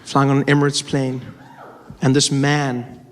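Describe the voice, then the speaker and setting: A man's voice: mid-range voice, little pitch movement, a little slow. A man performing stand-up comedy, telling stories in a conversational way with self-correcting asides. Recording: live stage mic in a reverberant hall with a noisy crowd.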